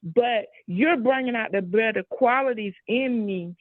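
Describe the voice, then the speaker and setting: A woman's voice: on the high side, unhurried, no room sound, phone-quality sound. A woman on a discussion panel, arguing emphatically and talking over the others. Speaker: panel guest.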